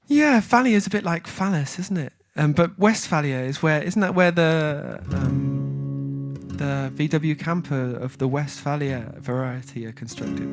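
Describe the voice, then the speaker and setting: A man hosting a music livestream, chatting casually and reading viewer comments. He rambles, breaks off and restarts as he tells a story. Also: a little high. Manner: rambling, self-interrupting storyteller.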